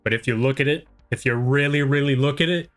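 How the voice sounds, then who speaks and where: This young American streamer talks quickly to his viewers while drawing on a live stream, rambling and making self-deprecating remarks. His voice is mid-range and a little bright.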